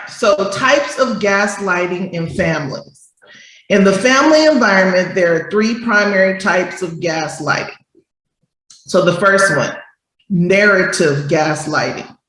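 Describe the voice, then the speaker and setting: A woman co-hosting a casual talk show. She speaks at an unhurried, deliberate pace and reads passages aloud. Her voice carries a noticeable room echo. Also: fairly low pitch, a bit bright. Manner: explains slowly, then acts out quoted voices. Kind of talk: casual chat, reading definitions aloud.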